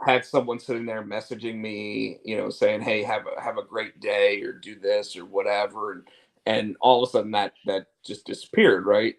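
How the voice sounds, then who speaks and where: The low-quality recording captures a man's voice on the low side. He co-hosts a casual talk show, rambling in candid chat with swearing, restarts, fillers, and repeated words.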